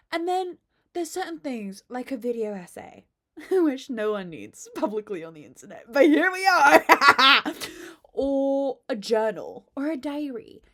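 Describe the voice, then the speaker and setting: A woman's voice: on the high side, sing-song, measured pace, mellow. A woman hosting her own podcast, chatting to a phone camera at home with unfiltered, dramatic swings and lots of swearing. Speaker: podcast host. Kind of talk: casual chat to camera.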